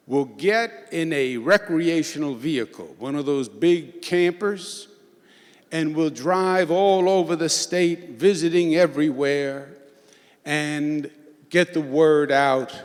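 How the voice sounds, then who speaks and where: Middle-aged new york guy w/ queens accent, joking chatty speech in a big echoey church. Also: on the high side. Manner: joking, conversational, with filler "uh"s. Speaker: governor speaking to a congregation. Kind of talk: informal political speech. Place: large church sanctuary. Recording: long hall reverb, faint crowd.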